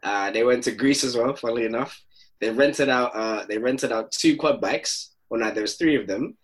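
Animated young man telling stories. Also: medium pitch, moderate pace. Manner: animated storyteller, London slang, laughs often. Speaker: podcast co-host. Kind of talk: casual chat.

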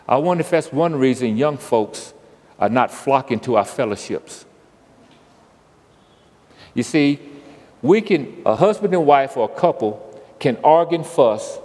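High-voiced folksy man preaching in a reverberant church. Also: a little mellow. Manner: call-and-response preaching, folksy. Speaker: pastor. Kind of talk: sermon. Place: church sanctuary.

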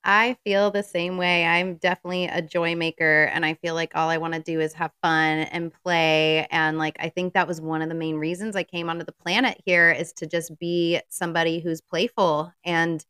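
A woman hosting a podcast, chatting in a relaxed and agreeable way and saying "like" often. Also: on the low side, normal speed, few pauses, clear, resonant tone, no echo, studio quality. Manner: relaxed, agreeable, says "like" a lot. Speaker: podcast host. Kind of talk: casual podcast conversation.

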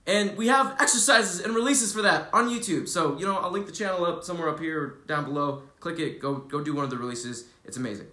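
A man's voice: a little high, quick pace, hardly any pauses, sharp tone. A man giving casual, preachy motivational talk on a vlog, loose and earnest, swearing freely. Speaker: spiritual wellness vlogger. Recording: roomy echo.

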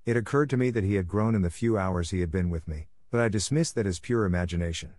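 Low-voiced man narrating a ghost story. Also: no room sound, studio quality. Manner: measured, calm first-person storytelling.

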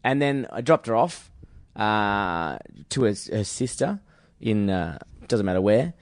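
A man's voice: fairly low pitch, expressive, a little slow, no echo. A young man, a comedian co-hosting a podcast, telling dating stories in a laid-back, swearing, chuckling way. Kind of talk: casual storytelling chat.

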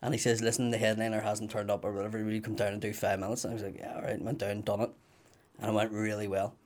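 A man's voice: fairly low pitch, quick pace. A man, a comedian telling stories in casual chat and acting out other people's voices. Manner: animated anecdotes, acts out voices loudly.

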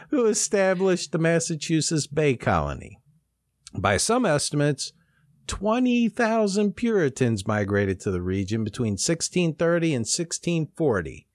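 A man co-hosting a casual podcast, reading history aloud in a slow, dramatic way. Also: a little high, sing-song, no room sound, clean studio sound. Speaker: co-host.

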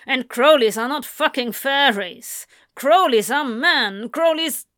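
A domineering middle-aged father, snapping loud, blunt orders at his grown son in a storybook, put on by a woman narrator. His lines come out slow and heavy. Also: on the high side, clean tone, dry recording, studio quality. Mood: angry. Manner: blunt, snapping, shouting insults.

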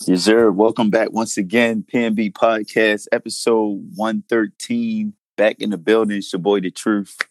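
Laid-back low-voiced man host. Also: fairly even intonation, moderate pace, hardly any pauses, no echo. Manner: laid-back, reflective, many fillers. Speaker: podcast host. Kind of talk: casual chat.

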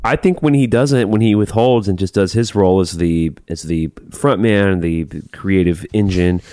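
A man's voice: low-pitched, moderate pace, dark tone, clear, resonant tone. A man co-hosting a podcast, teasing his partner playfully, swearing and joking around. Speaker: podcast co-host. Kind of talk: casual podcast banter.

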